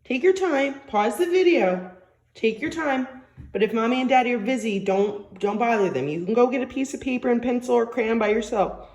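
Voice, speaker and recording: A woman teacher giving a recorded phonics lesson to young children, dictating words and sentences slowly and patiently with plenty of encouragement. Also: on the high side, expressive, a little mellow.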